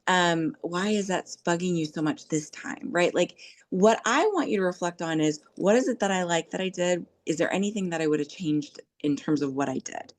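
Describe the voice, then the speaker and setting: Middle-aged woman, podcast host, earnest coaching tone, fairly low voice, casual advice chat. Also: normal speed. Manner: earnest, coaching, acts out quoted dialogue.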